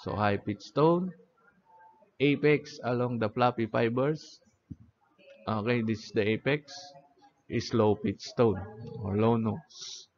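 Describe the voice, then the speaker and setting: A man gives an anatomy lecture in a medium-pitched voice, speaking slowly and pausing often. He keeps checking on his listeners with repeated "okay?" and "no?", and the audio is dull and lo-fi.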